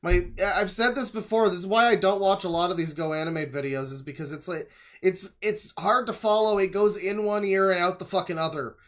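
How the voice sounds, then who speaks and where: A male streamer talking over a video in loose, rambling reaction commentary. He is sarcastic and curses freely, in a slightly higher-than-usual voice. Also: a little fast, fairly bright tone. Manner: rambling, sarcastic, swears often.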